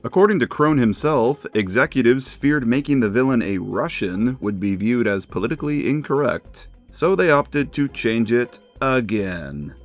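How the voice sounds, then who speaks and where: Animated man narrating a video essay. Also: mid-range voice, moderate pace, few pauses, faint music behind. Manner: enthusiastic, animated.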